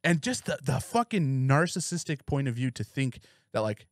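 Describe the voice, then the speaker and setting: A man co-hosting a podcast, telling a story in a casual, profane, animated way. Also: medium pitch, normal speed, dry recording, studio quality. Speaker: podcast co-host. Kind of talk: casual chat.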